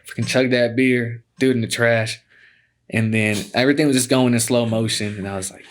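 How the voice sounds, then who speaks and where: A man's voice: medium pitch, steady tone, normal speed. A man in his twenties, a podcast guest telling stories casually, laid-back and profane, dropping "man" into nearly every sentence. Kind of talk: casual storytelling.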